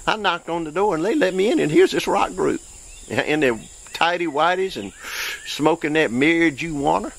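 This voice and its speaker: Gravelly preacher man. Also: normal speed, a little hiss or hum. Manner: folksy, excitable, voice jumps high when acting out others. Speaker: preacher and show host. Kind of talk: informal preaching with storytelling.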